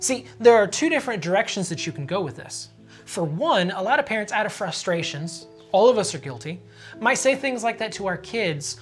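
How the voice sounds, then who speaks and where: A man who is a father of daughters, giving parenting advice to camera in a steady, earnest way and briefly acting out short quoted phrases. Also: high-pitched, fairly quick, soft background music.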